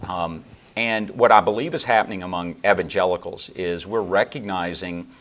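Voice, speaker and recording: Male guest expert, very low-pitched, measured lecturing delivery in an interview. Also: fairly even intonation, a bit bright. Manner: measured, lecturing, with fillers and restarts. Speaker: theologian guest. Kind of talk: explanatory interview answers.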